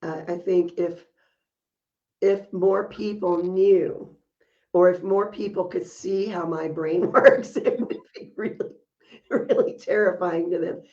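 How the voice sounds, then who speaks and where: A woman's voice: lowish voice, fairly even intonation, takes it slowly, dark tone, highs cut off. A woman co-hosting a podcast, telling stories in casual chat and laughing often as she talks. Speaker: podcast co-host.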